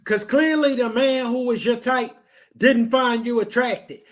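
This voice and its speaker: Male podcast host, very high-pitched, blunt and repetitive. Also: steady tone, a little slow. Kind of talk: blunt advice talk.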